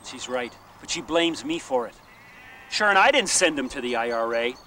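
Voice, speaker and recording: A man voicing a heartbroken old father, speaking in a subdued, halting way. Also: mid-range voice, expressive, bright, forceful tone, distant mic, a little hiss or hum. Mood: sorrowful. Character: grieving old Northern Irish father, quiet, heartbroken.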